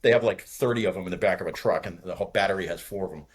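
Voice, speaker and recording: A man in his sixties from the Boston area, with a fairly low voice. He tells war stories in a loose, profane, laughing way and acts out radio calls as he goes. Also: rapid-fire. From outside Boston, USA. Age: 60s. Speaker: guest, retired fighter pilot. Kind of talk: casual war storytelling.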